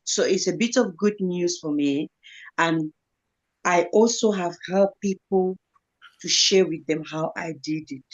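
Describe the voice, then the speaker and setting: A woman's voice: fairly low pitch, a little slow, muffled recording. A woman speaking as a guest in an online live talk, earnest and motivational, repeating phrases for emphasis. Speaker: guest speaker, kidney patient.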